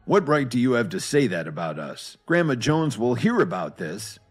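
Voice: mid-range voice, big pitch swings, moderate pace, slightly rough, faint music behind, pitched above the performer's own voice. A man voicing indignant antique dealers protesting an insult. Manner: offended, protesting.

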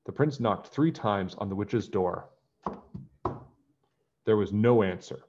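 A man reading a children's picture book aloud in a friendly, animated way. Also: lowish voice, takes it slowly, background noise. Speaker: storybook reader. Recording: dull lo-fi home recording.

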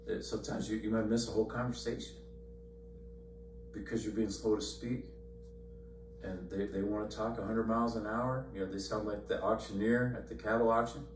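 This man runs a loose Bible study in a church meeting room, his conversational talk packed with fillers and repeated words and broken by long pauses. His voice is on the low side with fairly even intonation at normal speed, recorded far from the mic in an echoey room with a faint hum.

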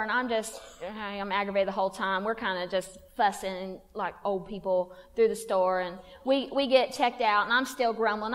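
A woman telling a funny personal story to a women's church conference, in a folksy, self-mocking way. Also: medium pitch. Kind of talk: humorous personal testimony talk. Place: church hall. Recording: long hall reverb.

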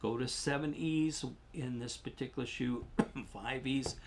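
A man's voice: mid-range voice, a little slow. An older man giving a rambling, folksy product demonstration as a shoe salesman, losing his voice and coughing now and then.

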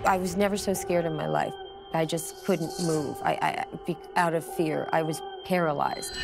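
A woman in a documentary interview, earnestly recounting a ghostly experience in a hushed, suspenseful way. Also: deep voice, steady tone, moderate pace, music in the background. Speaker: celebrity guest telling a ghost story.

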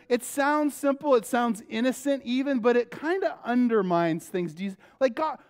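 A male pastor with a high, clear, resonant voice delivers a sermon. He reads scripture aloud and then talks it over casually with his church, tossing in rhetorical questions and loose fillers.

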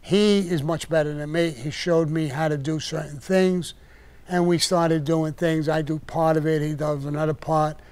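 A man's voice: fairly high pitch, fairly even intonation, normal speed, a little mellow. Blunt, profane older man. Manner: blunt, profane, heated when ranting. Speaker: podcast host telling stories. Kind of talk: casual storytelling on a live stream.

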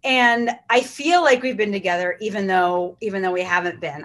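A middle-aged woman emceeing a charity auction from home, effusive and chatty with quick asides. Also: mid-range voice, a bit bright. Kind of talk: casual live-stream hosting.

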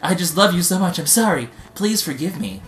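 A man's voice: sits high, animated, fairly quick, fairly bright tone, echoey room, soft background music, pitched above the performer's own voice, rough recording. A man reading a giggly lovestruck young man. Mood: pleading. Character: lovestruck young man confessing his feelings.

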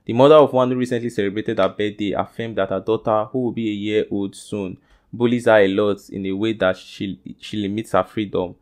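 A man's voice: lowish voice, fairly even intonation, brisk, a little mellow. Nigerian man reading celebrity gossip. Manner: casual, asks viewers questions. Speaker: gossip news vlogger. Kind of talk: reading celebrity news to camera.

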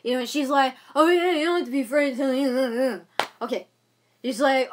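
High-voiced young woman ranting. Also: brisk. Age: young adult. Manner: agitated ranting, many fillers and repeats. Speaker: vlogger. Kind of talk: casual venting vlog.

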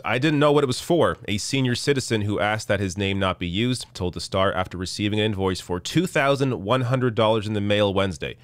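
A man hosting a live news commentary stream, reading news quotes and reacting with indignant sarcasm, his voice going hoarse. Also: lowish voice, animated, a little fast, a bit bright, no room sound. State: losing his voice. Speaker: political commentary host.

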